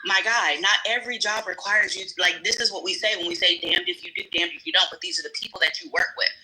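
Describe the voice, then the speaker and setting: A woman's voice: on the low side, fairly even intonation, quick pace, noisy background. A young adult woman telling a personal story bluntly on a live panel, with casual swearing. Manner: blunt, frank, swears freely. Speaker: livestream panel guest.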